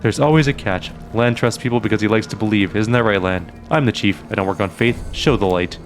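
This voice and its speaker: A weary, stern old mongrel chief from a fantasy role-playing game, read aloud by a man. His voice sits low and he lectures as he speaks, with faint music in the background. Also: brisk, natural voice.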